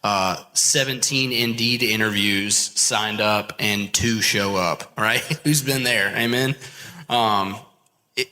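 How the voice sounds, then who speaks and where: A man, a landscaping business owner, giving energetic pep-talk advice as the guest of a live podcast. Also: fairly low pitch. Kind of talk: live podcast interview before an audience. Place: large expo hall with live audience. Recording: long hall reverb.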